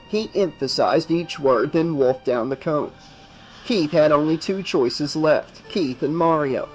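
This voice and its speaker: Male audiobook narrator, slightly higher voice, steady reading, faint music bed. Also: unhurried, highs cut off.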